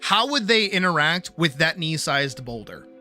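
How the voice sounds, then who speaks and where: A woman's voice: deep voice, very animated, normal speed, sharp tone, soft background music. A woman streaming live, chatting animatedly about character writing, swearing freely and checking in with "right?". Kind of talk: casual livestream chat about character writing.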